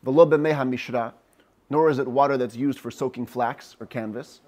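Man, rabbi teaching a class, slow Hebrew readings, English explanations. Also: medium pitch, steady tone, a little mellow. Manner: reads Hebrew phrases slowly, then explains them in English. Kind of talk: text study lesson, reading Hebrew and translating.

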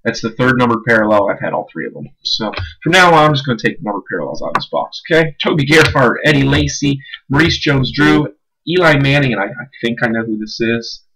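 A man's voice: medium pitch, expressive, fast, vocal fry, fairly bright tone, husky, rough recording. A man hosting a live-streamed card break, casually calling out each card and who it goes to. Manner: casual, chatty, calls out cards and names.

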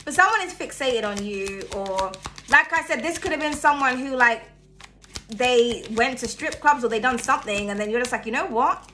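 A young woman talks through a tarot reading in a loose, chatty way. Her voice sits high and bright, and it jumps between loud bursts and hushed asides. She laughs often as she goes. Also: lively intonation, moderate pace, slight background noise. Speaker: tarot reader.

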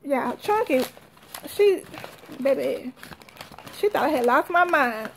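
A woman telling a story to her viewers in an animated, chatty way, calling them y'all. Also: high voice, slow, vocal fry, slight background noise. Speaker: vlogger.

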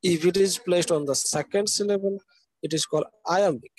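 The man lectures live at a university in a high voice at a moderate pace, on a rough recording with no echo. He breaks things down step by step, spells out words letter by letter, and keeps asking "okay?".

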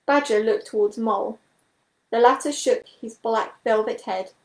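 A woman reading a children's animal novel aloud as a storyteller, steady and clear. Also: fairly high pitch, a little slow, roomy sound, rough recording.

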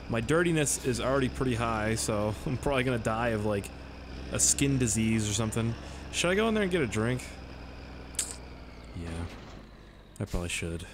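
Excitable, lively-voiced man playing a game. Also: mid-range voice, slight background noise. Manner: excitable, profane, jokey, yelps and laughs at the game. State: tipsy. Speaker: gaming video host. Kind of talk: gameplay commentary.

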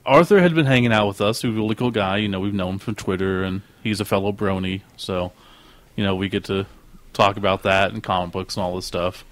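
A man's voice: low voice, a little fast, no room sound. Chatty male podcast co-host, dry close sound. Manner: animated storyteller who acts out quoted voices. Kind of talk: casual podcast chat.

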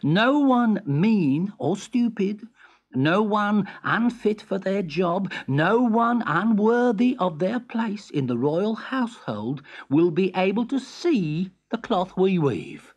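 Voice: mid-range voice, big pitch swings, highs cut off, pitched above the performer's own voice. A reader doing a sly, coaxing tailor. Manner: slow, coaxing, persuasive. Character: sly smooth-talking tailor, man. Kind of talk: storybook reading.

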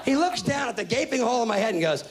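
A man in his thirties doing stand-up comedy, telling a profane story in a brash, rapid-fire way with shouted punchlines, on a live stage. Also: extremely high pitch, sing-song, crowd noise, noisy background.

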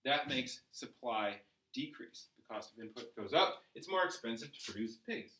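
A man teaching an economics lesson, explaining step by step with rhetorical questions and lively emphasis. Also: mid-range voice, normal speed, reverberant, distant mic, low-quality recording. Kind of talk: economics lecture while drawing graphs.

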